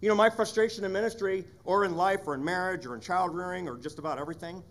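A man's voice: high-pitched, quick pace, slight background noise. A man serving as pastor, delivering a sermon in an earnest, conversational way with frequent rhetorical questions.

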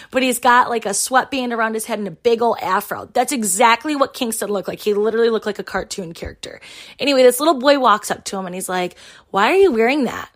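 A chatty woman podcaster from Michigan, talking on her own show in a relaxed monologue. Her voice sits a little high, and she tells stories in an animated way, dropping swear words freely. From Michigan, USA. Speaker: podcast host. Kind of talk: casual solo podcast monologue.

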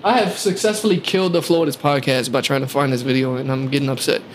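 A man's voice: mid-range voice, fast, a little hiss or hum. A young man hosting a podcast, chatting casually and telling a profane, laughing story. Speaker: podcast host. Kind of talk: casual chat.

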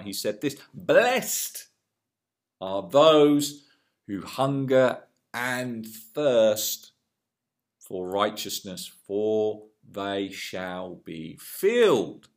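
A man preaching a sermon with an earnest delivery, rising to loud emphasis and dropping to hushed lines. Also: sits low, gravelly.

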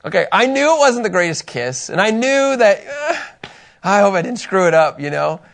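Man, middle-aged, fairly high voice, animated, chatty Bible teacher, self-deprecating humor. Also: normal speed, creaky. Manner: animated, chatty, often laughing at himself. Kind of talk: casual teaching with personal stories.

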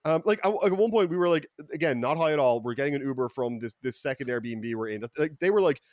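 A man with an Irish accent telling stories on a casual podcast, animated and profane, with sudden loud bursts. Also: mid-range voice, quick pace, dry recording. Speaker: podcast co-host.

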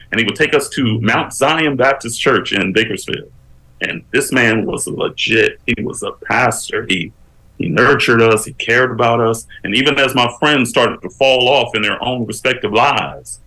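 A man with a mid-range voice, appearing as a guest on an interview show, tells his life story on a rough recording. His delivery is animated and preacherly, the emphasis climbing as he builds toward a point.

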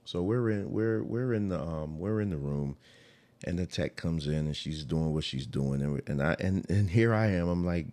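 A man's voice: sits low, normal speed, a little mellow. A man telling an emotional personal story in a rambling, casual way, repeating himself and restarting sentences.

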